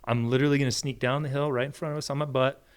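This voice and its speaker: Guy on a podcast, casual storyteller, acts out quotes, jumps way up in pitch. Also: steady tone, very fast, clean tone. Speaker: podcast guest.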